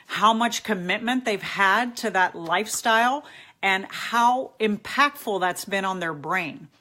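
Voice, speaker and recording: A woman's voice: medium pitch, sharp tone. A middle-aged woman hosting a live advice stream, reading out viewer questions and answering them candidly and directly.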